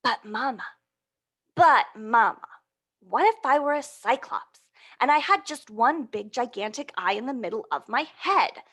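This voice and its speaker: A woman's voice: fairly high pitch, lively intonation, a little slow, a bit bright. A woman reading aloud as a small monster child asking its mother questions, in a pleading, wondering voice.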